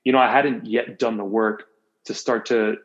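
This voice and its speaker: Low voiced guy in his 30s opening up on a podcast, earnest and reflective, kinda muffled audio. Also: level tone, moderate pace. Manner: earnest, reflective, opens up freely. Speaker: podcast guest. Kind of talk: candid personal storytelling. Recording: slightly dull, muffled audio.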